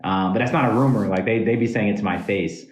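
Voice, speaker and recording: Laid-back low-voiced man in a roomy echo. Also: fast. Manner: laid-back, filler-heavy talker. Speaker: podcast co-host. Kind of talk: casual podcast chat.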